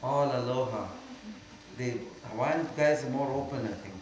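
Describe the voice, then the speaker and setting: A man's voice: medium pitch, normal speed. Older Indian man teaching in an echoey hall. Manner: emphatic, swings from quiet to loud and mocking. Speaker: spiritual teacher. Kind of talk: spiritual Q&A talk. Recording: very echoey hall with faint hum.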